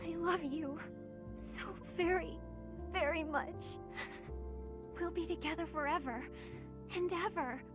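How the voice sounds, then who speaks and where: An actress voicing a shy young woman in a video game, speaking in a halting, bashful way. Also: very high voice. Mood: tearful joy. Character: shy young woman tearfully confessing love. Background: loud game music.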